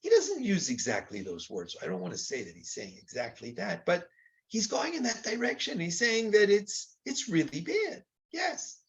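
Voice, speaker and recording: Animated older rabbi giving a lecture. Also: male voice, high-pitched, normal speed. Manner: animated, conversational, acts out quoted exchanges with rising rhetorical tone. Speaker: rabbi teaching Torah. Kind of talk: informal Torah lecture.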